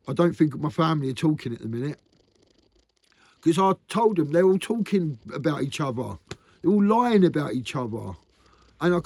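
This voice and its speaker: A man speaks frankly to camera in a rambling confessional vlog, circling back on his points and dropping "mate" at the ends of lines. His voice sits a little higher than most men's, and the sound is close and dry with no room echo. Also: a little mellow. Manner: rambling and earnest, often ending lines with "mate". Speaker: vlogger.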